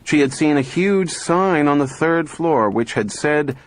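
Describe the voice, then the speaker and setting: A man narrating an audiobook in a calm, measured storytelling manner. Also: fairly high pitch. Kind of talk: scripted narration.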